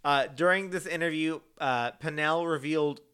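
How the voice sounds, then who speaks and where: A man's voice: a little high, moderate pace, sharp tone, smooth. A man hosting a casual true-crime podcast, chatty and joking, with many fillers and restarts. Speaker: podcast host.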